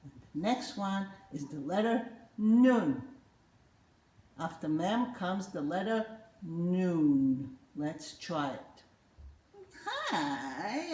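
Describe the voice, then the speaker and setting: An older woman leads a children's letter lesson in a slightly low, unhurried voice. She is playful and coaxing, drawing each word out so the children can echo it, and her voice rings in a roomy space. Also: expressive, a little mellow. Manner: slow, playful, coaxing, repeats words for kids to echo. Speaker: children's Hebrew teacher.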